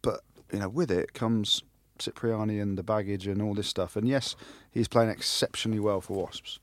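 Animated man talking rugby banter. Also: fairly low pitch, normal speed, no room sound. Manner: animated, banter-heavy, often restarts sentences. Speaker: podcast co-host, rugby pundit. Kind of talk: casual chat.

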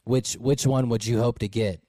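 A man's voice: mid-range voice, steady tone, moderate pace, dark tone, dry recording. A man hosting a casual podcast chat, blunt and crude. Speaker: podcast host.

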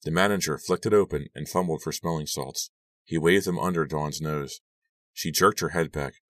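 An audiobook narrator with an extremely deep male voice reading a first-person story steadily. The sound is close and dry, with no room around it. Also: moderate pace, no echo, recorded from a distance.

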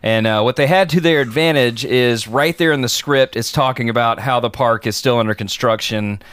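A man's voice: mid-range voice, normal speed, a bit bright, smooth, dry recording. Laid-back man telling film stories. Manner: laid-back storyteller, frequent fillers and laughs, swears. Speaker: podcast host. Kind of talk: casual chat.

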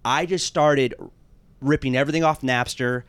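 A man's voice: medium pitch, steady tone, normal speed, clean tone, dry recording. A man who hosts a podcast and does stand-up comedy, chatting casually with crude jokes and eager asides. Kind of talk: casual chat.

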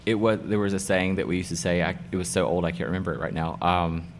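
A middle-aged man with a very low voice talks about his work as a hairdresser in a casual interview. He is emphatic and excited, repeating key phrases for effect. A faint hum of background noise sits under him. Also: fast talker. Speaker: hairdresser and salon owner, guest.

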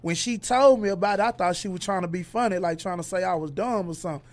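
A man's voice: high-pitched, quick pace. A man, a podcast guest, speaking casually and animatedly as he tells stories and acts out what other people said. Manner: animated storyteller who acts out others' lines. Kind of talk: casual conversation, storytelling.

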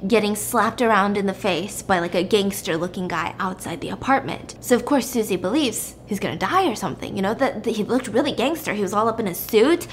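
A young woman retelling a story in a chatty, animated way, full of "like", as a podcast host. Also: medium pitch, fairly quick, few pauses, slight background noise. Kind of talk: casual story recap.

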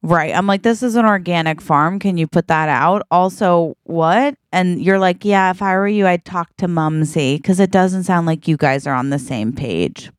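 Woman spinning a comic tale, smooth voice. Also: lowish voice, moderate pace, hardly any pauses, no room sound, studio quality. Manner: acts out characters' quoted lines. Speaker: podcast co-host. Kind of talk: comedic improvised storytelling.

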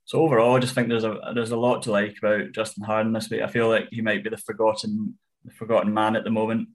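A man tipping golf bets in casual chat, analytical and measured with frequent ums. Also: on the low side, little pitch movement. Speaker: golf betting tipster.

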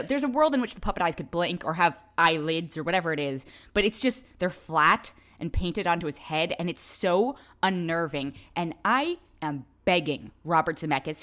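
A woman's voice: on the low side, a bit bright. A woman giving a casual spoken film review, candid and exasperated.

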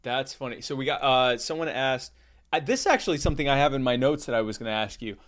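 Man from South Carolina, interview host, mid-pitched voice, easygoing. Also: fast. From South Carolina, USA. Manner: relaxed, reads audience questions. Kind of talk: casual interview chat.

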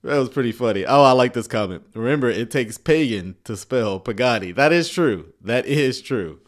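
A man's voice: medium pitch, animated, moderate pace. A man giving sarcastic reaction commentary on video clips, with chuckling asides.

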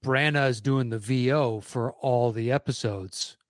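A man's voice: medium pitch, unhurried, no echo, clean studio sound. A man co-hosting a casual movie chat, wry and profane, fond of telling stories. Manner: wry, storytelling, swearing.

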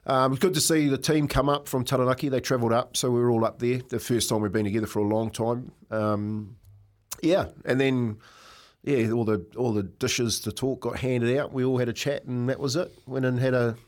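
In a casual radio chat, a regular who owns racehorses tells a long story, with plenty of fillers and restarts. This New Zealand man sounds brisk, with a medium pitch and fairly even intonation.

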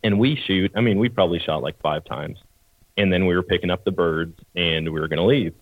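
A man on a podcast casually telling a hunting story in a relaxed, chatty, plain-spoken way. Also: sits low, brisk, no echo, phone-quality sound. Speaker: podcast co-host, hunter.

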